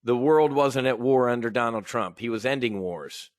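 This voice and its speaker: A middle-aged American man hosts a live trading stream, talking off the cuff in a rambling, opinionated way. He clears his throat often and restarts his sentences, with a mid-range voice in a dry, close room. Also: medium pitch, moderate pace, dry recording. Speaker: options trading host. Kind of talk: casual live market commentary.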